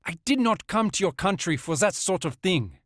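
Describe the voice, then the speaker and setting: A man's voice: high-pitched, lively intonation, normal speed, fairly bright tone, no room sound, studio quality, voice pushed up. A man voicing a wary middle-aged male tourist with a German accent, speaking stiffly and formally. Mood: bewildered.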